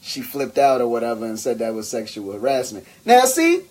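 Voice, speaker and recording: Slangy animated man podcasting. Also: mid-range voice, brisk. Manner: animated storyteller, acts out quotes, slangy. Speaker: podcast co-host. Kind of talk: casual banter.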